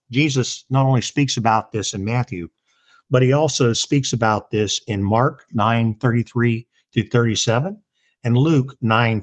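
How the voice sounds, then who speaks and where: A man's voice: medium pitch, no room sound. A man reading a story aloud and then teaching a Bible lesson in an earnest, plain-spoken way.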